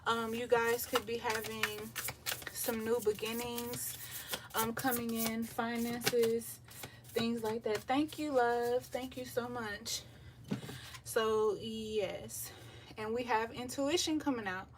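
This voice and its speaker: Slow, breathless woman reading tarot. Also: on the high side. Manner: relaxed, chatty, many filler ums. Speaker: tarot reader. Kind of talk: live tarot reading to viewers. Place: home by the beach, windows open. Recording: voice a bit far from the mic, faint surf noise. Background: faint beach waves.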